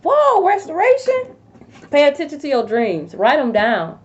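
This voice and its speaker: A woman giving a casual tarot reading to viewers, blunt and profane, with sudden loud outbursts. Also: on the high side, animated, normal speed, lo-fi sound. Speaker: tarot reader.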